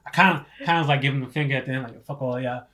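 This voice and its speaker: A man telling a story in casual chat, animated and laughing often, swearing freely. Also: mid-range voice, racing.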